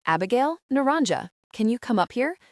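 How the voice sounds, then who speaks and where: A woman reading as a guy proposing, tender and earnest, warm heartfelt storybook voice, dry close sound. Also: on the high side, big pitch swings, fairly quick, dry recording, voice pushed up. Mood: playful.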